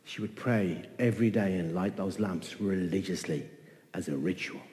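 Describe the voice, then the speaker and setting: A man telling a folk tale in an animated way, repeating phrases and voicing the characters. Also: deep voice, normal speed, in a large hall. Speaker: storyteller. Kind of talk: oral folk-tale storytelling.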